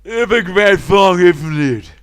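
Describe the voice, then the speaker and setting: A man voicing a rowdy drunk man who bellows a drinking song in a loud, drawn-out, off-key way, reading game dialogue aloud. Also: high-pitched, expressive, voice pushed up. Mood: bellowing song.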